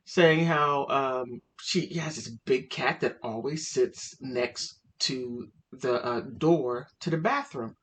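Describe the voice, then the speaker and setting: A woman vlogger telling a funny family story in a chatty, animated way. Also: sits low. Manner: animated, laughing, chatty with fillers. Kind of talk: casual comic storytelling.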